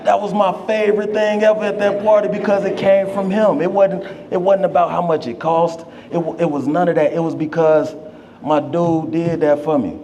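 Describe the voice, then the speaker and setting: A man's voice: high voice, steady tone, moderate pace, warm tone, a little hiss or hum. A young man giving a memorial speech for his father, telling stories in casual slang. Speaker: memorial speaker. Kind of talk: eulogy speech.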